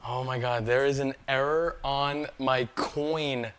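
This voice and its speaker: A man streaming a pinball game, chatting casually and excitedly, often laughing in disbelief and swearing now and then. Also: medium pitch, slow pace, smooth. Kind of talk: live-stream reaction chat.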